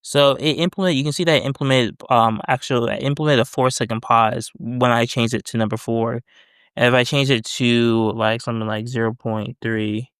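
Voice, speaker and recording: A man's voice: medium pitch, steady tone, a little fast, fairly bright tone, clean tone, dry recording, clean studio sound. A man casually explaining his screen as he works, rambling with self-corrections. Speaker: developer demoing voice prompts. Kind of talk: casual screen-recorded tutorial.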